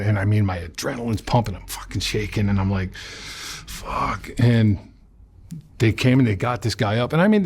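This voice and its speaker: Guy telling his story straight, lots of swearing, kinda raspy, stops and restarts a lot. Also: fairly low pitch, a little mellow. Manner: blunt and profane, halting with restarts. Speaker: interview guest. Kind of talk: recounting a personal story.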